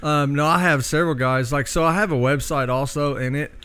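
A middle-aged man with a Southern accent, a knife maker talking in a relaxed interview and telling stories. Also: fairly high pitch, a little fast, clear, resonant tone. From Oklahoma, US. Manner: drawling storyteller, acts out voices in anecdotes. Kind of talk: casual interview.

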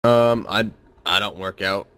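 A man's voice: on the low side, a little slow, a bit bright, dry recording. A man in a casual group chat, speaking hesitantly and unsure of himself.

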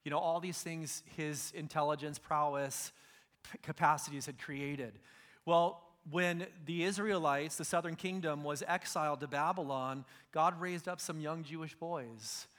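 A man's voice: a little high, fairly even intonation, unhurried, a bit bright. A middle-aged man preaching a sermon, retelling Bible stories in casual slang and acting out the figures. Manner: casual storytelling, acts out biblical figures in slang. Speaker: pastor.

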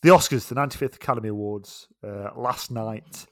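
A man's voice: on the low side, fairly quick, fairly bright tone, dry recording, clean studio sound. A man co-hosting a film podcast, talking in a chatty, hesitant way with plenty of fillers. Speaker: podcast co-host. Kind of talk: casual film chat.

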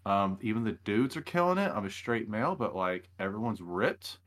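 A young man co-hosts a casual podcast, recapping a reality show in long, rambling stories. His voice sits on the low side, and he often climbs higher and louder as he gets excited. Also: moderate pace, crowd noise. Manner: rambling, animated storytelling with laughs. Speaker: podcast co-host.

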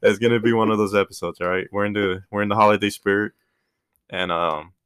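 A man's voice: lowish voice, steady tone, fast, fairly bright tone, clean tone. A young man co-hosting a podcast in casual, joking chat, with a laid-back manner. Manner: laid-back, joking, says bro a lot. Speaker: podcast co-host.

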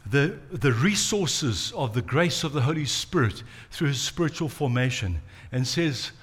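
A man's voice: mid-range voice, animated, unhurried, breathy edge. A man giving a sermon, telling the story dramatically and acting out the quoted lines. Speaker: pastor.

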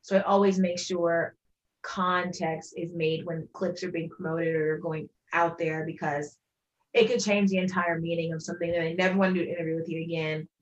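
A woman journalist, a guest on a podcast, talking in a relaxed, casual way with many "like"s. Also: lowish voice, moderate pace, dull audio. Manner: relaxed, filler-heavy, frequent "like". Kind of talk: casual interview conversation.

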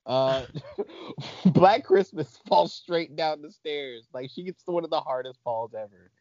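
A man in a relaxed podcast chat, breaking into laughter as he recaps scenes with enthusiasm. His voice sits at a middling pitch, recorded dry and slightly dull, lo-fi. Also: unhurried, dry recording. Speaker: podcast host. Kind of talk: casual movie-recap chat.

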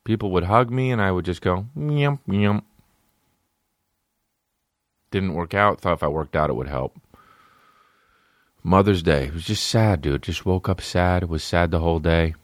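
A man's voice: low-pitched, normal speed, dry recording, clean studio sound. A man hosting a podcast, talking in a profane, sarcastic, rambling comedic monologue. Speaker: podcast host.

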